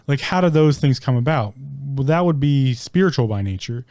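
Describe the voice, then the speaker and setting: A man's voice: medium pitch, expressive, moderate pace, vocal fry, darkish tone, dry recording, studio quality. A man hosting a solo podcast, rambling with many ums and restarts, casually swearing as he searches for words. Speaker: podcast host.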